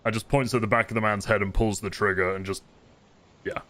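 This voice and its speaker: A man narrating a tabletop game as game master, relaxed and descriptive. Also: lowish voice, quick pace, a little hiss or hum.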